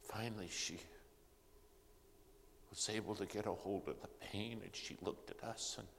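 An older man preaching a sermon as a story, dramatic and swinging from loud to hushed, in a church sanctuary. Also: lowish voice, steady tone, unhurried, creaky, a little hiss or hum. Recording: long reverb of a big hall, faint ambience.

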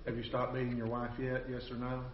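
Quiet male class member answering from the pews, flat tone, distant and muffled. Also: mid-range voice, fast, breathy edge. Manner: quiet, calls out from the audience. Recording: faint, far from the mic, lo-fi.

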